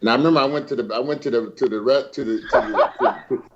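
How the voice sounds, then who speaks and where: A man telling a story in a casual, slangy, excitable way, often laughing. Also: medium pitch, quick pace, muffled recording, slight background noise. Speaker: guest bodybuilder.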